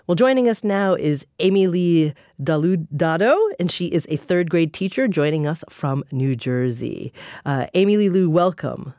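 A woman hosting a public radio interview show, talking in a measured, conversational way. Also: lowish voice, lively intonation, warm tone, no room sound, clean studio sound. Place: radio studio.

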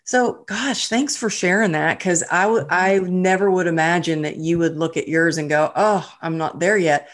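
Chatty woman podcast host, lower voice. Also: normal speed, hardly any pauses. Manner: chatty, self-deprecating, laughs easily. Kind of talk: casual interview chat.

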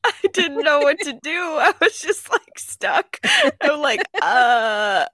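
A woman's voice: high voice, measured pace, sharp tone, dry recording, studio quality. A woman in her twenties on a podcast, telling a rambling story with lots of giggles. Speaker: podcast co-host. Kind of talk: casual storytelling chat.

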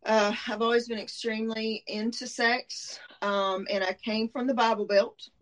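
A woman's voice: on the high side, flat delivery, moderate pace, a bit bright, poor audio. A woman in her forties from Middle Georgia with a Southern accent, a podcast guest talking candidly with lots of ums and hesitations. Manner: hesitant, many ums, laughs easily. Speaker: interview guest. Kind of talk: candid conversational interview.

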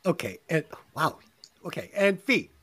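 A man hosting a casual podcast, animated and profane, laughing often as he banters. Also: on the high side, a little slow. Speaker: podcast host.

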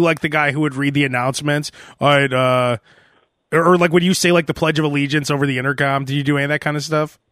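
Chatty high-voiced male podcast host. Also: no room sound, studio quality. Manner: rambling, animated storytelling with laughs. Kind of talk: casual podcast chat.

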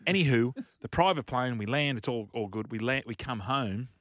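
A man on radio, chatting casually and telling a lively story with frequent laughs. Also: medium pitch, normal speed, slight background noise. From Australia. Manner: animated storyteller, laughing often. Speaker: radio host. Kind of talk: casual chat. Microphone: studio microphone.

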